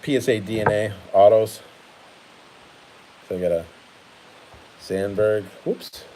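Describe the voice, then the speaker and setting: Guy hosting a card live stream, lowish voice, chatty and laughing a lot. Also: slow, mellow, slight background noise, rough recording. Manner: chatty, laughs often while talking; handles and sorts cards while talking. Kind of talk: casual live-stream chat. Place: at his table at home.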